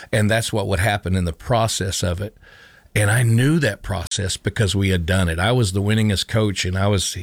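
Deep-voiced man telling his story earnestly. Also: normal speed, no room sound. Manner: earnest storytelling with restarts and repetition. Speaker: interview guest, former coach. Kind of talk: personal testimony in conversation.

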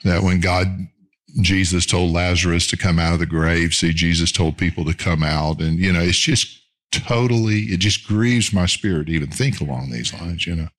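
A middle-aged male pastor preaching a sermon in an earnest, measured way, slowing down to stress key phrases. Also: low voice, fairly bright tone.

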